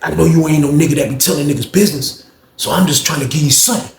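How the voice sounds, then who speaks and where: A man's voice: a little high, racing, gravelly. A man voicing an older male inmate who deals drugs, paranoid, crude and defensive. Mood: griping. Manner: profane, defensive griping. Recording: echoey room.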